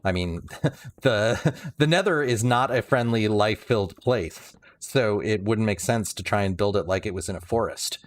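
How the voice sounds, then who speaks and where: A man's voice: on the low side, moderate pace, no echo. A man livestreaming a building game, rambling casually with many restarts and some dry sarcasm.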